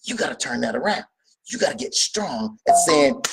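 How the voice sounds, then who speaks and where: A man's voice: medium pitch, big pitch swings, moderate pace, gravelly, slightly rough. A man giving a motivational talk in an emphatic, preachy way. He repeats his points and asks questions, then answers them himself. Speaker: motivational speaker.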